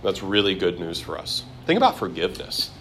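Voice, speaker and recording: A man's voice: low-pitched, huge pitch swings, brisk, a bit bright, slight background noise. A man teaching a classroom Bible lesson in a conversational way, acting out quoted voices.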